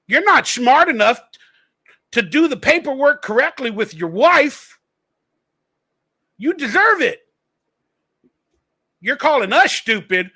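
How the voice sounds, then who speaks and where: Male podcast host, high bright voice, profane mocking rant. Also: big pitch swings, slow pace, long pauses. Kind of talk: ranting commentary.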